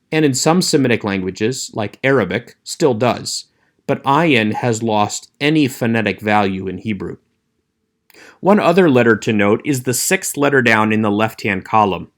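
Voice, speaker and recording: A man teaching an online Hebrew class, explaining letters in a clear, measured way and slowing down to demonstrate sounds. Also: mid-range voice, fairly bright tone. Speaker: Hebrew instructor. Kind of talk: recorded online lecture.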